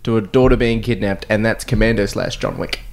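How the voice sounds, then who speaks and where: A man co-hosting a casual podcast chat, retelling film scenes with animated energy and laughter. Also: on the low side, fairly quick, gravelly. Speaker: podcast co-host.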